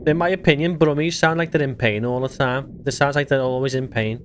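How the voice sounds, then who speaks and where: A man's voice: mid-range voice, fairly even intonation, a little fast, slight background noise. A man streaming a game, chatting casually and bluntly with swearing as he reads out viewer messages. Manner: blunt, swearing, reads chat aloud, chuckles often. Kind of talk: casual livestream chat while gaming.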